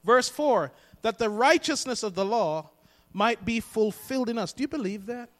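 A man's voice: high voice, expressive, normal speed, fairly bright tone. A man preaching a sermon to a congregation, emphatic and repeating key phrases for them to echo. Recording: long reverb of a hall.

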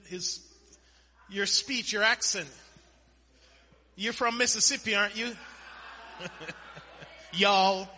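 A man preaching a sermon in an animated way, quoting scripture and breaking into sudden loud bursts, in a church hall. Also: high-pitched. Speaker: pastor. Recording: long hall reverb.

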